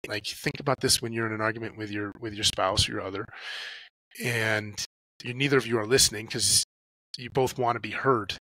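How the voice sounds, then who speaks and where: A man's voice: fairly low pitch, steady tone, a little fast, pushed and bright, no room sound, poor audio. A man, a podcast guest talking casually and acting out his inner dialogues as he tells stories, swearing freely. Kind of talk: casual conversational talk.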